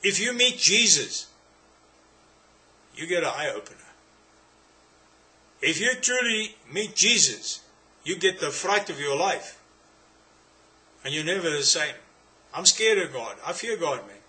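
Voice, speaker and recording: Preaching in a fairly high voice, a South African man sounds expressive and a little slow, pausing often. He drives his points home insistently, returning to them again and again and firing rhetorical questions at the audience, staying bright and forceful all the way.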